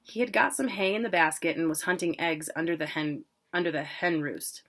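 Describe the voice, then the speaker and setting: A woman reading a first-person novel aloud in a plain, unhurried way. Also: fairly low pitch, a bit bright. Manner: plain, unhurried, with casual asides about pronunciation. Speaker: reader.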